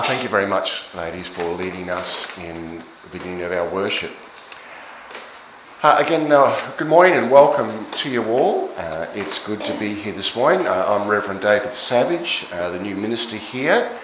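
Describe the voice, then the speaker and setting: A hoarse male minister welcomes a congregation and leads prayer, his voice on the low side and a little croaky. He speaks in a measured way with frequent fillers. The sound rings around an echoey church, with faint noise underneath. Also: animated, a bit bright. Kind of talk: church service leading and prayer.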